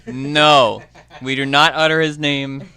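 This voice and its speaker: A man's voice: medium pitch, steady tone, takes it slowly, pushed and bright. A young man co-hosting a live stream, teasing his partner and reading out chat messages. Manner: teasing, reads chat aloud. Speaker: stream co-host. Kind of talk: casual live-stream banter.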